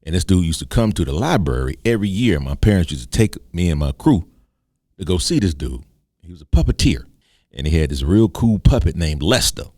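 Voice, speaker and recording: Animated, gravelly low-voiced podcast host. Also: male voice, brisk, no echo, clean studio sound. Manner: animated storyteller who swings into high comic voices. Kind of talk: casual comedic monologue.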